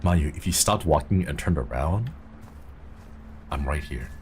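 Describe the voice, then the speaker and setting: A man streaming a horror game, chatting casually in a rambling, jokey way and getting easily excited. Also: very deep voice, unhurried, a little hiss or hum. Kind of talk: casual gameplay commentary.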